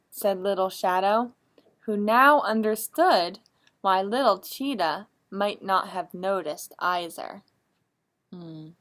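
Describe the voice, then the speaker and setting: A woman librarian reading a picture book aloud at children's story time, asking the young listeners animated, coaxing questions. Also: medium pitch, slow. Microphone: streamed live.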